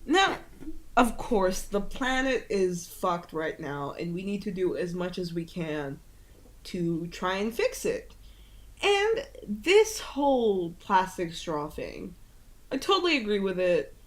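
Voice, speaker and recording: A woman's voice: medium pitch, very animated, slow pace. Chatty woman podcast co-host. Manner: chatty, lots of fillers, swears freely. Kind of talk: casual chat. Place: home in Italy.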